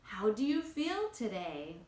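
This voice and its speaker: A woman teaching a phonics lesson to young children, enunciating slowly and carefully. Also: mid-range voice, big pitch swings, a little mellow, reverberant.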